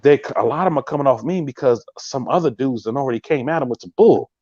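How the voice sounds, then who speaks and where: A man's voice: mid-range voice, fast, darkish tone, no room sound, highs cut off. A man hosting a live podcast in a casual chat, speaking emphatically and straight to his viewers, and often repeating his catchphrases. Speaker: podcast host.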